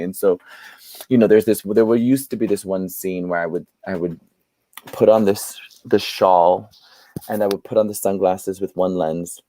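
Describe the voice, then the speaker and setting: A man, a guest playwright and performer, telling animated stories in an interview and laughing often. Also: low-pitched, moderate pace. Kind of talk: storytelling in an interview.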